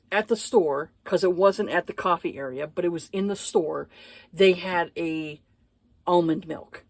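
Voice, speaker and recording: A woman's voice: fairly low pitch, no room sound. A woman giving a casual book review, blunt and profane, exasperated, with lots of hesitant fillers.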